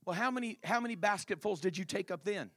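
A preacher voicing a patient male teacher who gently chides his followers with measured questions. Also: high-pitched, no room sound, studio quality, pitched above the performer's own voice. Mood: questioning.

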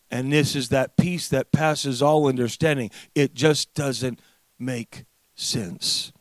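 A middle-aged man preaching a sermon, full of "uh" fillers, rising to shouted passages. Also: medium pitch, steady tone, slow, dry recording. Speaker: pastor.

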